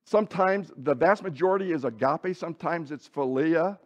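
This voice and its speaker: A man's voice: a little high, moderate pace, lo-fi sound. Man teaching a casual Bible lesson. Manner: conversational, frequent restarts and self-corrections.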